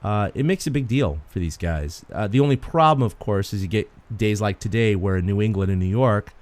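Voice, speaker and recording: A man co-hosting a sports podcast, an animated storyteller who laughs often in casual chat. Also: lowish voice, fairly quick. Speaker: podcast co-host.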